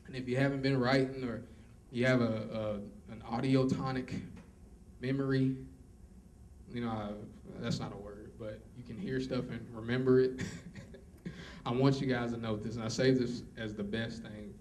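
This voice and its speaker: A man's voice: medium pitch, a little mellow. A man delivers a motivational talk at a college event. He hammers his points home with preacher-like repetition and slips in joking asides. The mic sits at a distance, and a faint hiss runs underneath. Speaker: motivational speaker. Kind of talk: motivational speech.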